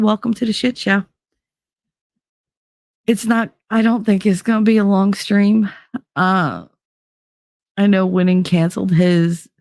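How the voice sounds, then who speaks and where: A sleepless, frazzled woman from New Jersey hosts a loose livestream, chatting with viewers and swearing freely. Her voice has a rough, gravelly edge. The sound is dry and close, with no room around it. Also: on the low side, darkish tone, no echo. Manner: rambling, profane, reads chat aloud. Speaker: livestream host. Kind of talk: casual livestream chat.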